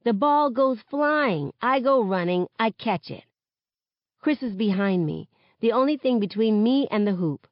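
A woman reading a novel aloud in the first person, with expressive narration. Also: a little high, measured pace, dry recording, muffled recording. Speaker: reader of a novel. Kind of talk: audiobook-style novel reading.

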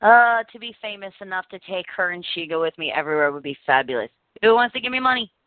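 A woman hosting a podcast in casual chat, telling stories in an animated, chatty way. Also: on the low side, quick pace, no room sound. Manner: chatty, animated storytelling with laughs. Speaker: podcast host. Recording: phone-like narrow line, dry.

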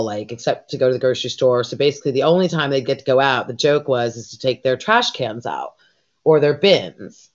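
Rambling, foul-mouthed woman co-host. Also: rumbling low. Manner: rambling, profane, many fillers. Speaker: podcast co-host. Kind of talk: casual chat. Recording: dull lo-fi recording.

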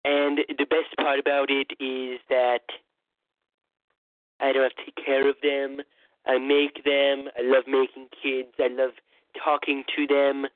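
A man's voice: mid-range voice, completely flat delivery, a little slow, no room sound, close to an everyday voice. A man putting on a boastful, rambling old male politician parody in a comedic impression monologue, stammering and repeating himself. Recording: tinny phone-like dry sound.

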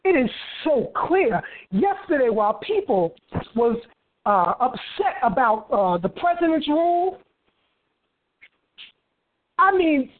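A woman with a high, sweeping voice preaches with passion, bursting into hallelujahs and circling back over her words. Her voice comes through thin and boxy, like a phone line. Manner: impassioned, bursts into hallelujahs, repeats phrases. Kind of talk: fervent preaching.

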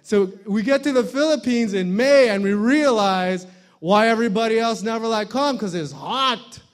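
Opening his sermon, a guest pastor jokes around and plays with put-on voices and accents. His voice sits high, and he speaks at a moderate pace.

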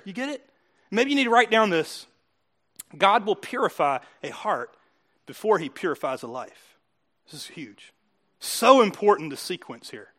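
A man's voice: high voice, pushed and bright. A male pastor preaching a sermon in a conversational, teasing way, often chuckling as he talks to the congregation.

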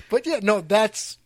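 A man from New York hosting a casual podcast chat, animated and joking, often restarting his sentences. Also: high voice. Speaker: podcast host.

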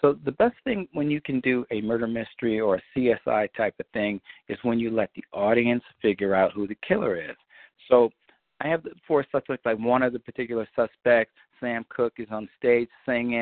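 A man on a community call, telling a long story in a loose, profane way and acting out scenes with high-pitched quotes. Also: brisk, no echo. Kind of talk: animated storytelling chat. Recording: dry, phone-like line.

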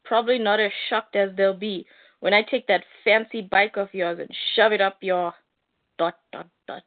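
A woman reads aloud as a steady young superhero who refuses to back down, his lines quiet and firm. The sound is thin and narrow, as if over a phone. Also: medium pitch, moderate pace, close to an everyday voice.

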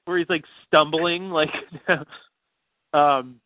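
A man's voice: on the high side, fairly even intonation, very slow, a little hiss or hum. A man co-hosting a podcast, rambling casually with lots of fillers and profanity. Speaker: podcast co-host. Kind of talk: casual chat. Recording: tinny phone-like line, dry.

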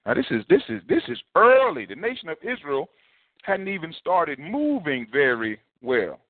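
A man preaching a sermon, in a lively conversational style that repeats and restarts phrases. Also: on the high side, moderate pace, dry recording. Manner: animated, repetitive, conversational preaching. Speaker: pastor. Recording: tinny phone-like sound.

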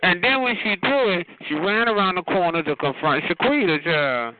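A man's voice: high voice, lively intonation, normal speed, narrow, tinny audio, background noise. A man telling a gossipy comedic story in a flamboyant, sassy manner, calling his listeners "child" and "honey".

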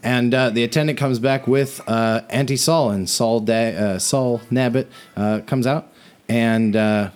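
A man's voice: mid-range voice, fairly even intonation, measured pace, a little mellow. A man narrating as game master in a casual, rambling way with many fillers.

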